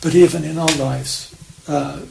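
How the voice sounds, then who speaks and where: A man giving an unscripted Dharma talk as a Zen priest, reflective and halting, with many restarts and fillers. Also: on the high side, fairly even intonation, gravelly, mellow. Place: meditation hall of a priory. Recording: echoey room with faint hiss.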